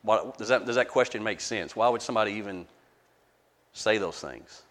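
A man's voice: fairly low pitch, moderate pace, fairly bright tone, big-room sound. Man leading a casual Bible study. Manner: conversational, repeats words, asks the group questions. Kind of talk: verse-by-verse Bible study teaching.

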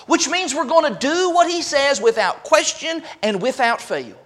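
A man's voice: very high-pitched, animated, moderate pace, few pauses, fairly bright tone. A man preaching a sermon as pastor, emphatic and full of rhetorical questions.

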